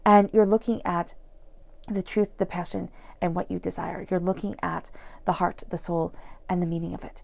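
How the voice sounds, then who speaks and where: A woman giving an earnest, soft-spoken tarot reading, sometimes dropping into a whisper. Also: fairly low pitch, little pitch movement, normal speed, gravelly. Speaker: tarot reader.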